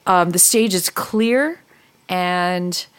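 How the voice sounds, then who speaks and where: A woman narrating a tabletop role-playing game as dungeon master, in a relaxed, chatty way. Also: lowish voice, very slow, clean tone.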